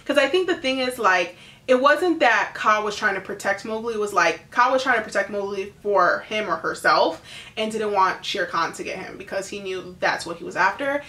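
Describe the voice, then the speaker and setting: A woman chats casually about a movie she just watched, full of fillers and animated, briefly acting out the characters in quick impressions. Her voice is medium in pitch, and the recording is reverberant.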